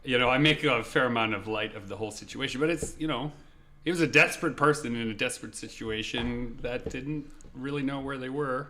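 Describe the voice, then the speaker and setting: A man co-hosting a podcast, telling a story in a casual, animated way and acting out shouted lines. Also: medium pitch, a little fast, slight background noise. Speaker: podcast co-host.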